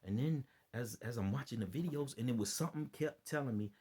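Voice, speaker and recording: A man with a medium-pitched, dark voice and a breathy edge talks a little fast. He's a worn-out, dead-tired online preacher and commentator whose impassioned, unscripted vlog rambles and preaches, repeating itself and appealing to the audience.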